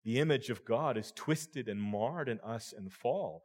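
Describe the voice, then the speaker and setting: A man's voice: medium pitch, a little slow. A man preaching a sermon as a pastor, earnest, speaking to his listeners as friends and often repeating words.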